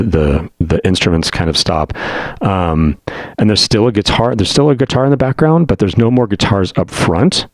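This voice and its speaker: Low-voiced male panelist, dry close sound, eager but rambling delivery. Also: no echo. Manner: enthusiastic, halting with many fillers and restarts. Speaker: podcast panelist. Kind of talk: casual chat.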